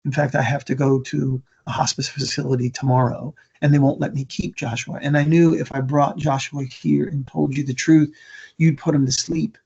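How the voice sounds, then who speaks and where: A man voicing a frail, apologetic elderly man who talks haltingly and stammers, on a dull recording. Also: mid-range voice, little pitch movement, creaky, darkish tone, breathy edge. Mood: sorrowful.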